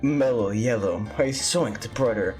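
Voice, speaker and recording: A let's-player voicing a sleazy, smooth-talking guy who flirts over the phone in a slow, low, slangy drawl. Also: over music, close to an everyday voice. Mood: laid-back. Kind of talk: voicing game dialogue aloud.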